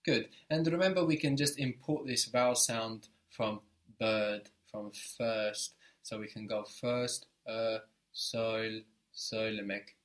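A man's voice: mid-range voice, slow, hardly any pauses. A man teaching a spoken language lesson, patiently explaining step by step and encouraging his student.

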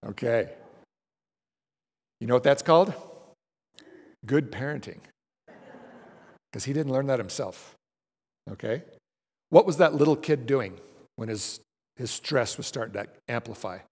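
A man of middle pitch leads a group through breathing exercises and recitation in a large room. His casual, conversational teaching keeps checking in with the listeners, and a long hall reverb trails his voice. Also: lively intonation, measured pace, long pauses, darkish tone, husky. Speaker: class leader.

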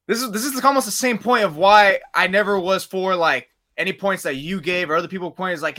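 A man co-hosting a casual sports talk show, excitable and quick to joke. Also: high-pitched. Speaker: co-host.

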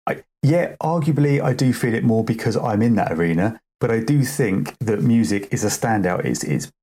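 Brit male co-host, husky low voice, quick heated delivery, swears freely. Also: expressive, warm tone. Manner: heated, swearing, acts out quoted people. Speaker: podcast co-host, music producer. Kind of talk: casual podcast debate.

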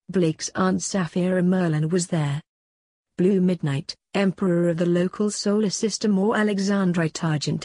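A woman narrating a story aloud in a plain, even storytelling delivery. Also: lowish voice, dry recording.

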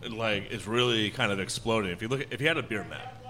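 A man, co-owner of a brewery, chatting casually on a podcast with lots of restarts and animated retellings. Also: fairly low pitch, quick pace, slight background noise. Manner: rambling, many restarts, animated when retelling stories.

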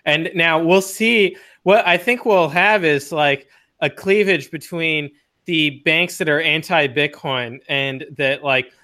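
Bright-voiced wry man chatting. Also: a little high. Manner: quick, wry, laughs while talking. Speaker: podcast co-host. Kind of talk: casual chat.

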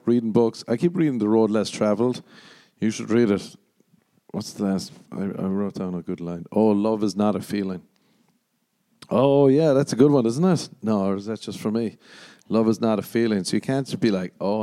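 A man's voice: lowish voice, warm tone, no echo. Sweary, rambling Irish man. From Ireland. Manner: sweary, self-mocking, rambling. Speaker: podcast host. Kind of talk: casual solo podcast rambling.

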